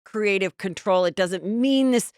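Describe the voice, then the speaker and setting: A middle-aged woman hosting a podcast, telling stories in a chatty, animated casual chat. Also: mid-range voice, measured pace, clean tone, dry recording, clean studio sound. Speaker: podcast host.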